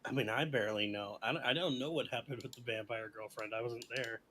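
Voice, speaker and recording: A man's voice: medium pitch, fast, bright, forceful tone, a little hiss or hum. A young man, a player, chatting after the session with dry, self-aware humor. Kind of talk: casual chat between players.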